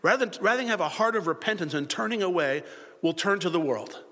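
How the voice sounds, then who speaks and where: Animated preacher in a reverberant hall. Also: male voice, sits high, fast talker. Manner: animated, acts out biblical dialogue in voices. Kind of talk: sermon.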